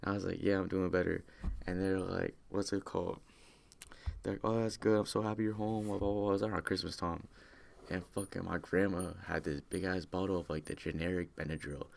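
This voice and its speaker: A man's voice: low-pitched, level tone, fairly quick, gravelly. A young man telling a rambling personal story in casual slang, full of fillers and restarts. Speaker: vlogger telling personal stories.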